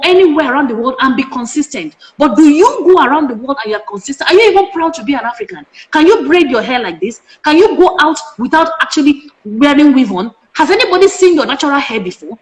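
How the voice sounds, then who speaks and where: A middle-aged Nigerian woman, a parenting educator, speaking passionately in an interview and firing off emphatic rhetorical questions. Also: high voice. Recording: echoey room.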